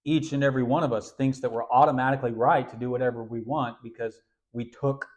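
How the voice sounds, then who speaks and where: In a mid-range voice, a man preaches an animated sermon to young people, often repeating words as he goes.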